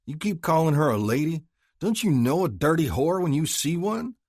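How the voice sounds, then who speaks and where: A man voicing a brash, hot-headed young male Texan cowhand with a loud, sneering delivery, in an audiobook with a dry sound. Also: on the high side, very animated, no room sound, pitched above the performer's own voice. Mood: taunting. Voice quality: loud, sneering, quick to shout.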